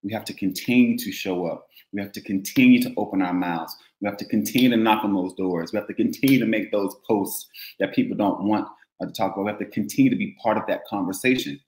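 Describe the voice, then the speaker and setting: A low-pitched man delivers an emphatic, repetitive call to action, his voice bouncing around an echoey room. He speaks in an impassioned, conversational podcast style. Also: fast talker, few pauses, darkish tone. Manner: emphatic, repetitive rallying calls. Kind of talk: impassioned political commentary.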